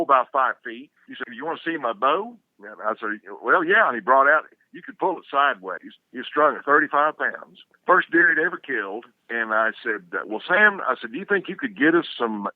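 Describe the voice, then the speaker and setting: A man's voice: medium pitch, expressive, brisk, hardly any pauses, no room sound. An older man, a guest telling a rambling, folksy story full of restarts. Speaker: guest, outdoor TV hunter. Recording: dry, tinny phone-like sound.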